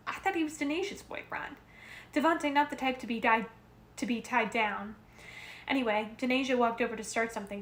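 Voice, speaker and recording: A woman voicing a brash, gossipy teenage girl who talks in excited slang, read in an audiobook-style reading. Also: fairly high pitch, close to an everyday voice. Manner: chatty, slangy, excitable storyteller. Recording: roomy echo with faint noise.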